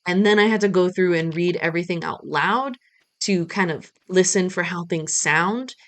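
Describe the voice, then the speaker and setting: A woman's voice: on the low side, normal speed, fairly bright tone. A woman in her thirties from the United States, chatting playfully and rambling about her day while playing a farming game on stream. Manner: playful, rambling, self-mocking. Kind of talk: casual gameplay chat.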